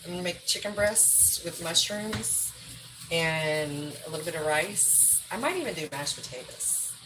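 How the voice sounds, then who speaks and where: A woman with a low, deep-set voice talks bluntly on a casual livestream, swearing freely as she puts groceries away. Room noise is plainly heard behind her. She sounds like she is in her kitchen. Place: home kitchen.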